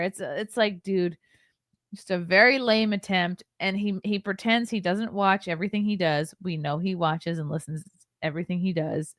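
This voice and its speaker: A woman's voice: on the low side, steady tone, normal speed, no echo, studio quality. A woman hosting a podcast, chatting casually and mocking the man in a video she is reacting to. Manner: blunt, mocking. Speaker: podcast host.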